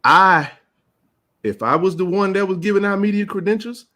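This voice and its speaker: A man hosting a live sports chat, ranting with passion and rising to shouts. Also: high-pitched, moderate pace. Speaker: sports talk show host.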